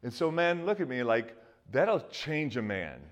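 A man's voice: medium pitch, big pitch swings, unhurried, lo-fi sound. A man in his fifties from the US Northeast, preaching a sermon in a loose, joking, conversational way with many restarts and asides. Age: 50s. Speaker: pastor.

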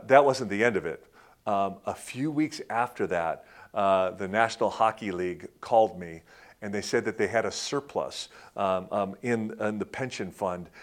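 A middle-aged man preaching a sermon as a pastor, telling stories dramatically, swelling loud and dropping to a hush. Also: fairly low pitch.

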